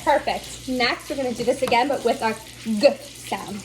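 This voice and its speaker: A woman teaching as a speech therapy instructor, slowly over-enunciating the sounds she models. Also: fairly high pitch, noisy background. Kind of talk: instructional demonstration.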